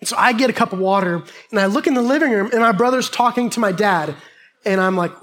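A man's voice: high voice, brisk, a bit bright. A man delivering a sermon through a personal childhood story. He tells it with humor and animation, talking straight to the congregation. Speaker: pastor.

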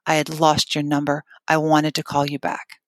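A middle-aged woman telling an emotional personal story in an interview, halting, with restarts and fillers. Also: low voice, monotone, no echo, studio quality. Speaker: guest telling her story.

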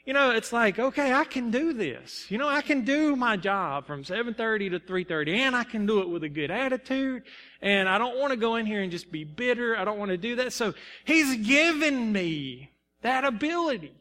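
Bright-voiced young male preacher, reverberant hall. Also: high-pitched, big pitch swings, fairly quick. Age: young adult. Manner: earnest, personal storytelling with bursts of emphasis. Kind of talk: sermon. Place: church sanctuary.

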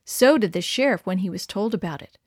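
A woman narrating a story in a clear, expressive read-aloud manner. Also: medium pitch, fairly quick, no room sound, clean studio sound. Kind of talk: scripted narration.

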